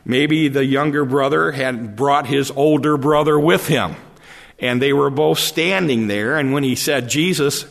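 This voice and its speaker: Gravelly male preacher in a reverberant hall. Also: mid-range voice. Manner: halting, repeats words often, conversational. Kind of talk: sermon.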